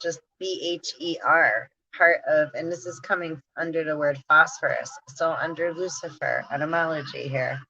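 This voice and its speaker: A woman with a low, bright voice reads through word lists at an unhurried, drawn-out pace, breaking into giggles now and then. The sound is dry and a bit dull, like a simple home recording. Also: fairly even intonation, dry recording. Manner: slow, drawn-out word reading with frequent giggles. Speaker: spiritual channel host. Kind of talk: reading word lists aloud, casual musing.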